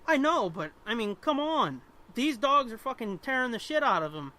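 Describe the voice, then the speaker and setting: A man co-hosting a comic-book podcast in casual chat, excitable and profane. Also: extremely high pitch, moderate pace. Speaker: podcast co-host.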